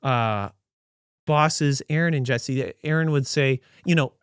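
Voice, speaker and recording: A man hosting a podcast who tells a story in a casual, animated, rambling way and often corrects himself mid-sentence. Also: a little high, moderate pace, clean tone, dry recording, clean studio sound. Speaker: podcast host.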